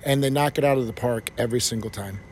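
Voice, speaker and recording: A pastor answering interview questions with enthusiasm. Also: male voice, medium pitch, fast. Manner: enthusiastic, warm praise.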